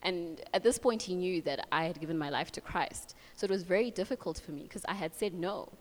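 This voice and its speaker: Young woman from Africa, earnest testimony, lower voice, long reverb. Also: a little fast. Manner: earnest, heartfelt, many fillers like "like" and "so". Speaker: speaker sharing a testimony. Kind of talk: casual Bible reflection and personal testimony.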